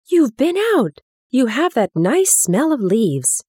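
A woman reading a storybook, voicing a sickly, imperious young boy who speaks in a commanding, excitable way. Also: medium pitch, normal speed, no room sound, studio quality, voice pushed up. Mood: excited.

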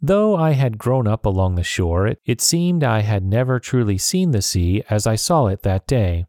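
A man narrating a story in a measured, steady reading. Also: on the low side, no room sound, clean studio sound.

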